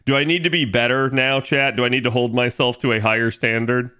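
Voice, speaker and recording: A man's voice: medium pitch, steady tone, brisk, bright, forceful tone, clean tone. A young man streaming from home, chatting casually with his viewers in a rambling way full of fillers. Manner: rambling, filler-heavy, reads chat aloud.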